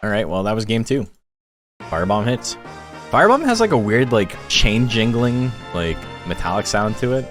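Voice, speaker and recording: A man hosting a live stream, giving casual commentary on monster battles in a relaxed, chatty way and laughing as he tells stories. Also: fairly low pitch, moderate pace, soft background music.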